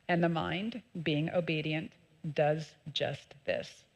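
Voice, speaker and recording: A woman minister giving a sermon, calm and measured in her teaching, with lively emphatic peaks. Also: lowish voice. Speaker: associate minister. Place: church sanctuary.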